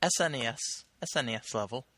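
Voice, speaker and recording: A man's voice: medium pitch, expressive, fast talker, sharp tone, no room sound. A young man co-hosting a casual podcast, thoughtful and a little hesitant. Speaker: podcast co-host. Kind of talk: casual chat about video games.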